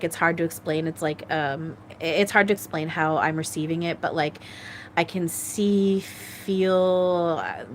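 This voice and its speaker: Earnest woman psychic, halting speech. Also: low-pitched, a little hiss or hum. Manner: halting, searching aloud for words. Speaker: psychic medium. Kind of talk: live-stream channeling reading.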